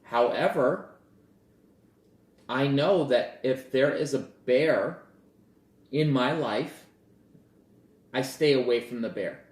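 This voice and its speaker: A man's voice: medium pitch, slow pace, pauses often, echoey room. A man talking casually as a relationship coach, telling a story and acting out bits of dialogue. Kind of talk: casual talk to camera.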